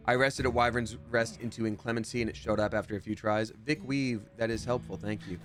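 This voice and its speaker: A young man streaming a game from home, chatting loosely and rambling between thoughts. His voice sits at an ordinary middle pitch, with a relaxed, easy-going delivery. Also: fairly quick, faint music behind. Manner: chatty, rambling, reads chat aloud. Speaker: streamer and voice actor. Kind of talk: casual livestream gameplay chat. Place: home recording setup.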